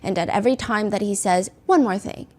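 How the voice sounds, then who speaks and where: A woman's voice: medium pitch, brisk, darkish tone. A woman hosting casual commentary, recapping a trial in a chatty way with many filler words and acted-out quotes.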